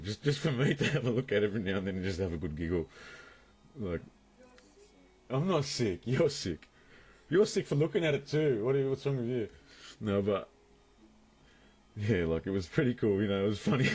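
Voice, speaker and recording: Deep-voiced guy, laughing through crude stories. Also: darkish tone. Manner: crude, rambling, laughs often mid-sentence. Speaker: vlogger. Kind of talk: casual storytelling to camera. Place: room at home, indoors.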